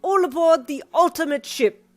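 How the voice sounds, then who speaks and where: A woman voicing a loud, excitable teenage girl who teases and shouts at her best friend. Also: sits high, moderate pace, soft background music, pitched above the performer's own voice, close to an everyday voice. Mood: excited.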